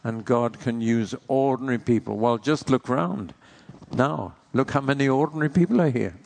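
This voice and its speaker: A man's voice: mid-range voice, moderate pace, vocal fry, a little mellow, slight background noise. A man preaching a sermon in an earnest way, posing rhetorical questions to the congregation.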